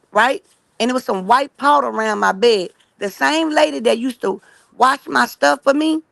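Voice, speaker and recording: Woman, gravelly, slightly high voice, fast emphatic personal testimony, earnest and religious, keeps checking in with listeners, dry close sound. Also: a bit bright, no echo. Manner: fast and emphatic, keeps asking "right?" and calling "y'all". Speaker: guest telling her story.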